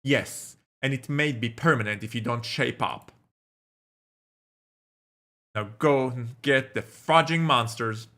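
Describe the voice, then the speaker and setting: A man's voice: medium pitch, slow, long pauses, pushed and bright. A man voicing a hot-tempered, jealous adult man who snaps and curses at his partner. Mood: angry, scolding. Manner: angry, cursing, snapping.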